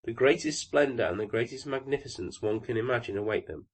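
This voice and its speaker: A man voicing a flock of chattering sparrows in a storybook reading, excited and boastful. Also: medium pitch, brisk. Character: chirping, know-it-all little sparrows.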